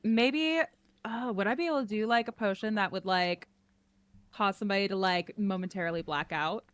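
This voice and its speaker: A woman's voice: medium pitch, normal speed, a bit bright, clean tone, no echo. A woman playing in a tabletop game, chatty and hesitant, full of fillers. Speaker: player. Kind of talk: tabletop role-play.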